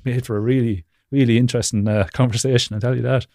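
A man's voice: mid-range voice, fairly even intonation, fast talker, darkish tone, no room sound, clean studio sound. A man as a guest on a video-call interview, rambling casually with lots of fillers and frequent laughs. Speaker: podcast guest.

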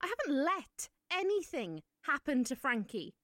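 A woman's voice: sits high, sing-song, unhurried, fairly bright tone, no echo, clean studio sound, full character voice. A woman playing a desperate, defiant young searcher. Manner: pleading then defiant.

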